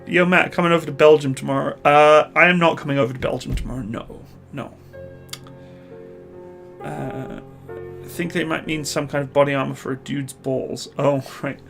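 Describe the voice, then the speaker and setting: A Canadian man, likely in his thirties, hosting a live stream, reading viewer questions and answering in a relaxed, rambling way with many pauses. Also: fairly high pitch, gravelly, faint music behind. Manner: relaxed, chatty, hesitant with many uhs.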